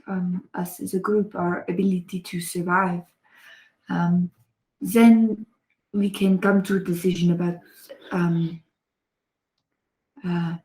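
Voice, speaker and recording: A woman doing a halting French-accented leader. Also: mid-range voice, dark tone, reverberant, natural voice, poor audio. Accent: put-on French. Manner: slow and hesitant, formal phrasing. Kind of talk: tabletop role-play in character.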